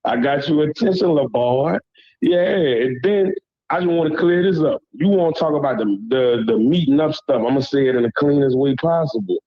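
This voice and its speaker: A man with a Southern drawl, originally from Louisiana, calls into a live panel and vents in blunt slang, pausing again and again to ask whether he's being heard. His voice sits fairly high for a man. The call comes through muffled and lo-fi. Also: expressive. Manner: heated, repeats "you hear me", blunt slang. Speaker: caller on a panel. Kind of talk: heated call-in rant.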